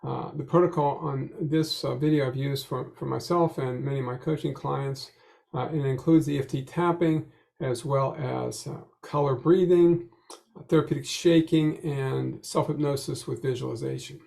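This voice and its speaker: A man leading a guided tapping session, talking slowly with many fillers and repeating affirmations in a steady chant. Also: medium pitch, creaky. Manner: slow, halting delivery with frequent "uh" fillers. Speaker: EFT tapping coach.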